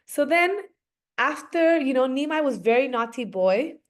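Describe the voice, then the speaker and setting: A woman teaching children in a casual, animated storytelling manner, with many fillers. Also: sits high, unhurried. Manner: animated, conversational, frequent fillers.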